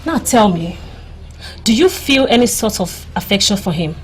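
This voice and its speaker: A woman's voice: medium pitch, expressive, moderate pace, a little hiss or hum, close to an everyday voice. An actress with a Nigerian accent playing a playful, teasing young village woman gossiping with her friend in a Nollywood drama. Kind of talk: Nollywood film acting.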